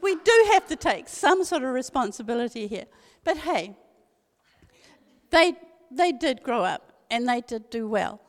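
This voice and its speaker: Older New woman, slightly high voice, earnest emphatic church talk, long hall reverb. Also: very animated, measured pace. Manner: earnest, emphatic, repeats key phrases. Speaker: speaker at a women's church meeting. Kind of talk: devotional talk with personal story.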